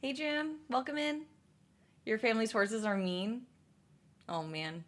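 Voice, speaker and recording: A woman's voice: a little high, very animated, a little slow, a bit bright. A young woman streaming, chatting casually and answering viewers' messages, rambling with many fillers and restarts. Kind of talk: casual livestream chat.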